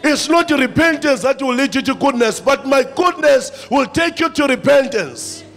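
South African male pastor, high gravelly voice, impassioned sermon with faint music bed. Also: animated, moderate pace. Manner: impassioned preaching, rising to shouts.

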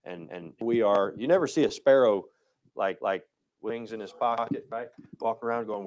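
A man's voice: lowish voice, normal speed, a little mellow, low-quality recording. A male pastor giving a casual, conversational sermon, with many restarts and a habit of asking "right?".

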